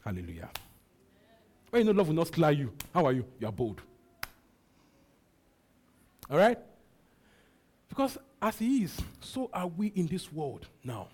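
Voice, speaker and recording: A Nigerian man preaches in a mellow, slightly husky voice. He repeats short lines again and again and drops in hallelujahs between them. He talks like a pastor speaking straight to his church. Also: fairly high pitch, big pitch swings, measured pace, long pauses. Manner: repetitive preaching with frequent hallelujahs. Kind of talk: sermon.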